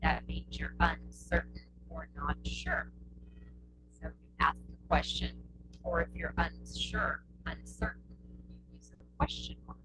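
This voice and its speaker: A woman's voice: on the low side, big pitch swings, creaky, background noise. A woman teaching a test prep lesson on punctuation, patient and repetitive, often checking in with "okay?". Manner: slow, patient, repeats points with checking "okay?". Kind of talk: classroom lesson explaining punctuation.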